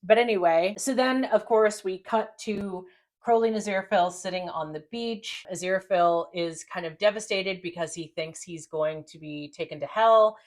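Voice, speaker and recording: A woman's voice: medium pitch, normal speed. A woman hosting a podcast and chatting casually as she recaps an episode, talking animatedly, swearing freely and acting out lines. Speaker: podcast host.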